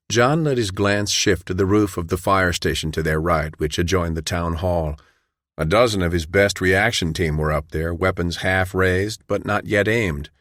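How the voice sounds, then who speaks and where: A man narrating an audiobook in a measured, even storytelling way. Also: low-pitched, dry recording, clean studio sound. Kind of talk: scripted narration.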